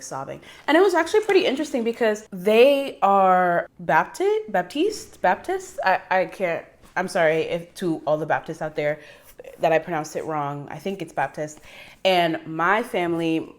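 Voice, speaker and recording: Low-voiced woman chatting casually. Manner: chatty, rambling, self-correcting asides. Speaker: vlogger. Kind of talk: casual chat to camera.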